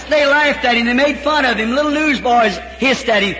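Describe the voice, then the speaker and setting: A man preaching a storytelling sermon before a congregation, fervent, breaking into shouts and chuckles. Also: very high-pitched, fairly quick, hardly any pauses. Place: large church hall before a congregation. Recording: echoey hall, faint background noise.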